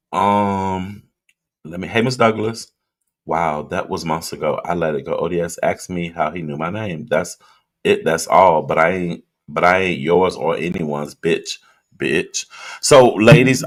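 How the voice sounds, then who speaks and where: A man with a low, slightly bright voice hosts a laid-back livestream. While drinking, he reads comments from viewers and talks to them directly in a loose, chatty manner.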